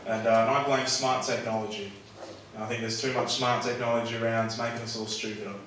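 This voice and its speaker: A man's voice: mid-range voice, steady tone, fast, background noise. A young Australian man doing stand-up comedy, rambling in a laid-back way with lots of fillers. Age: young adult. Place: comedy club stage. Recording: echoey club recorded from far off. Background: audience laughter.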